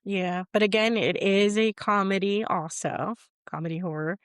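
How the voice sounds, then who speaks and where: A woman's voice: medium pitch, moderate pace, clear, resonant tone, no echo, clean studio sound. A woman co-hosting a podcast, chatting casually and filling in plot details of a film. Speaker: podcast co-host. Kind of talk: casual movie recap chat.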